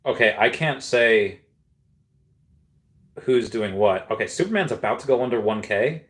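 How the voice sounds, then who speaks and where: A man's voice: mid-range voice, lively intonation, a little slow, a bit bright. Rambling man hosting a livestream. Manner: rambling, with frequent restarts and fillers; reads viewer comments aloud and reacts. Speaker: livestream host. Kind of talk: casual livestream chat.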